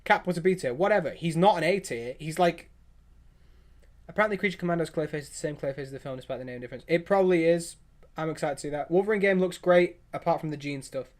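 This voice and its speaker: A male livestream host with a fairly high voice gets excited as he reacts to viewer comments in casual chat. He rambles loosely, hopping between opinions with quick restarts and eager asides.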